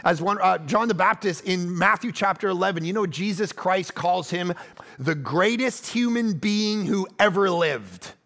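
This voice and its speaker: A man preaching with a notably high voice edged with gravelly fry. He tells personal stories in an animated, punchy way, then drops low and quiet to drive a point home. His delivery feels like a pastor speaking to his congregation. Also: unhurried. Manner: animated, storytelling, swings between loud punchy lines and low quiet ones. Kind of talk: sermon.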